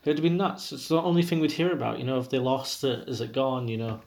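Man, gravelly voice, mid pitch, podcast co-host, emphatic bantering chat. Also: quick pace, darkish tone. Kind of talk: casual sports podcast chat.

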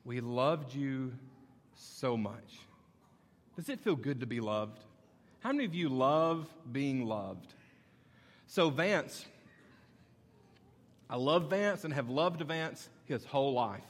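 A man's voice: medium pitch, sing-song, slow pace, long pauses, big-room sound. A male pastor preaching a sermon in a conversational, storytelling way that builds to emphatic points. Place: church sanctuary.

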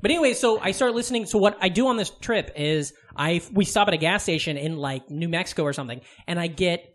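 A man with a notably high voice tells a winding anecdote on a podcast. He wanders through fillers and false starts and swears casually as he goes. The talk stays loose and conversational. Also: quick pace, a bit bright. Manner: rambling storyteller, swears freely, full of fillers and restarts. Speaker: podcast co-host.

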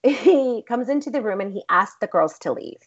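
A woman and actress, the guest in an interview, telling a story in a blunt, profane, animated way. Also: on the high side, moderate pace. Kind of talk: casual storytelling. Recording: dull lo-fi recording.

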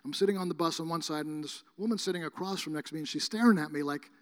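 Middle-aged male pastor, high-pitched, animated storyteller, long hall reverb. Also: rapid-fire. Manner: animated, acts out both sides of conversations. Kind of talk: sermon storytelling.

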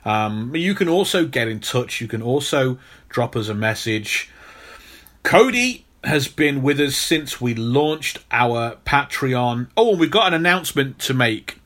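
A young British man co-hosting a podcast, talking in a playful, animated and mock-stern way. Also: mid-range voice, a little slow. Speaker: podcast co-host. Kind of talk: casual podcast chat.

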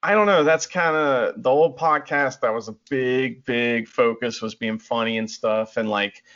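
A man's voice: mid-range voice, unhurried, a bit bright. A man co-hosting a podcast in casual chat, giggly, loose and rambling. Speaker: podcast co-host. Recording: dull lo-fi audio.

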